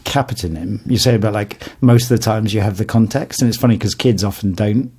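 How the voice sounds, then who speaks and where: A man with a fairly low voice co-hosts a podcast. He tells stories in a relaxed, casual way and often chuckles as he talks. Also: fairly quick, breathy edge. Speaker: podcast co-host. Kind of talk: casual chat.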